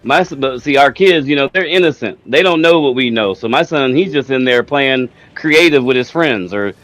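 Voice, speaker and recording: A man's voice: mid-range voice, normal speed, dry recording, faint music behind, low-quality recording. A man co-hosting a casual gaming podcast, telling stories animatedly, laughing often and acting out what others said. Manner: animated storyteller, laughs often, acts out quotes. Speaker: podcast co-host.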